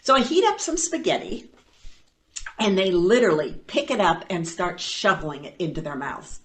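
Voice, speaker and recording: A woman and foster parent telling a personal story at a storytelling event, animated and playful, with dry asides. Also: on the low side, moderate pace.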